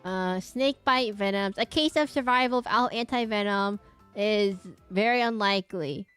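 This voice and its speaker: Woman, casual stream chat, self-interrupting, drifts into quiet muttering, faint music in background. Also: mid-range voice, normal speed, smooth. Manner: rambling and self-interrupting, often laughing; drops to quiet muttering while drawing. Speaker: VTuber streamer.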